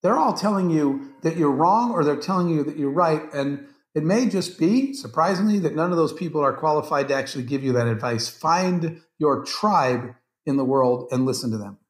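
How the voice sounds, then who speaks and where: A man's voice: a little high, animated, normal speed, few pauses. Echoey male guest telling a story. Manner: anecdotal, acts out quoted dialogue. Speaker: guest entrepreneur. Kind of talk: storytelling in a podcast interview. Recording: roomy, echoey sound.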